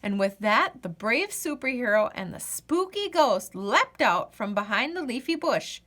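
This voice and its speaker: A woman reading a children's picture book aloud in a gentle, expressive way. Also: fairly high pitch, a little slow. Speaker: children's story reader. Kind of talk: read-aloud storytelling.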